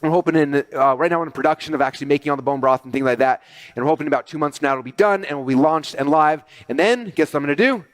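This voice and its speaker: A middle-aged man giving an animated business talk to an audience, talking quickly and excitedly with many fillers and restarts. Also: a little high, no echo. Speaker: speaker presenting to an audience.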